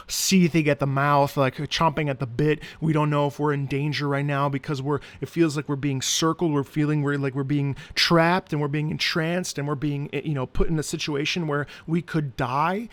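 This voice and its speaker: Male opera singer with a high speaking voice, animated and analytical, reacting to music. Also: moderate pace. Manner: animated and analytical, breaks into sung demonstrations.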